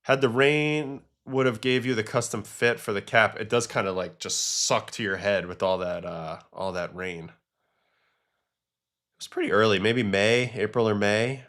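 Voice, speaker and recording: A man with a somewhat low voice hosts a relaxed livestream. He chats loosely as he reacts to game clips and reads chat questions, mixing stories with quick takes. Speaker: host, former pitcher. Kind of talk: casual livestream commentary.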